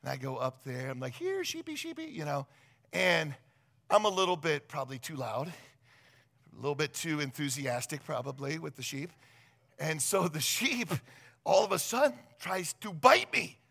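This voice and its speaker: A man preaches with a gravelly, bright voice that climbs fairly high. His sermon swings through a lively range, with stories told in a chatty, animated way. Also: normal speed. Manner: animated storytelling, conversational with asides. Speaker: pastor.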